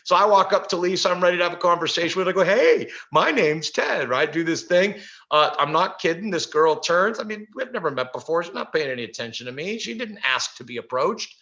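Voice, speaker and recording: A middle-aged man telling a story at a workshop, animated, with many fillers and frequent laughs. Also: sits high, fast, highs cut off. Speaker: workshop speaker. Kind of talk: storytelling talk. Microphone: video call.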